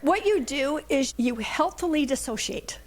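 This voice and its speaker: A middle-aged woman talking as a guest in a relaxed conversation, her voice sitting a little high. She tells lively stories and slips into other people's voices as she goes. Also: measured pace. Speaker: guest mentor. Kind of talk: casual conversational storytelling.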